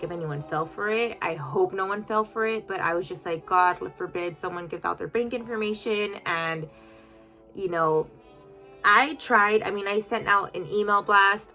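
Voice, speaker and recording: A woman's voice: mid-range voice, moderate pace, pushed and bright, soft background music. A woman telling an emotional storytime vlog to her followers in a chatty, filler-heavy way. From United States.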